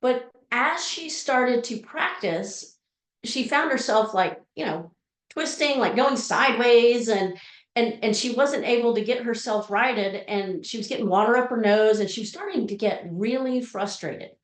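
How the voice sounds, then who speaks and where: A woman tells a personal story in a motivational talk. Her voice sits a little high, and she acts out the people she quotes with lively expression. The sound carries a roomy echo. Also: measured pace. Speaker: motivational speaker.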